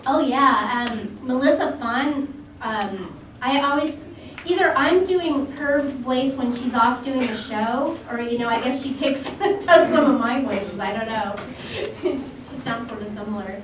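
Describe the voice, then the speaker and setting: A woman's voice: on the high side, a little slow. Light-voiced woman on a convention panel. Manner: easygoing, laughs a lot. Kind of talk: answering audience questions. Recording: echoey hall, distant mic, background noise.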